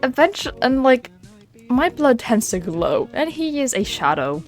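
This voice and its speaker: A woman voices a mischievous woman with glowing blood who spills secrets with glee. Her pitch leaps all over as she tells the story, and faint music plays behind her. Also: unhurried. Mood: amused. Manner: animated, gossipy, playful storyteller. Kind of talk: in-character roleplay storytelling.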